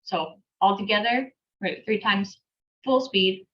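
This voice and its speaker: A woman leads an online language lesson at a slow, unhurried pace, sounding out each syllable and drilling it again and again. Her manner is patient and easygoing, and her voice sits at a middle pitch. The recording is dull and lo-fi. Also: fairly bright tone. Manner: breaks words into syllables and repeats them slowly; patient, easygoing, laughs lightly. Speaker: language teacher.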